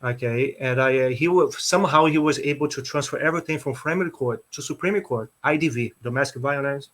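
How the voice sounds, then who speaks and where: Interview guest, male, earnest, keeps restarting, medium pitch. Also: brisk, fairly bright tone. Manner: earnest, repeats "okay" and restarts often. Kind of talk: personal story in an interview.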